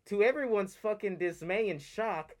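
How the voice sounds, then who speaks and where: A man co-hosting a podcast breaks down a wrestling match in casual chat. He talks in an animated, profane rant. His voice sits a little high for a man. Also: moderate pace. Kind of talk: casual chat, heated recap.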